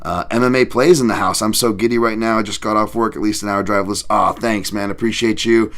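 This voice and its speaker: A man hosting a podcast livestream in a casual chat, rambling and excitable, thanking viewers and swearing often. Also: on the low side, fast talker. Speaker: podcast host.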